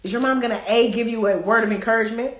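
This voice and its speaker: A woman's voice: on the high side, rapid-fire, slight background noise. A woman hosting a live card game, reading questions aloud in a playful way and singing bits of songs. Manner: playful, sings song snippets, reads cards aloud. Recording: echoey room.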